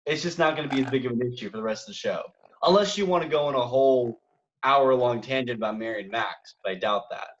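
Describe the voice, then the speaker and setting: A man's voice: mid-range voice, fast talker, lo-fi sound. A man co-hosting a casual film podcast, rambling enthusiastically with lots of fillers. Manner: enthusiastic, rambling with many likes. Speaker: podcast co-host. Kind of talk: casual chat.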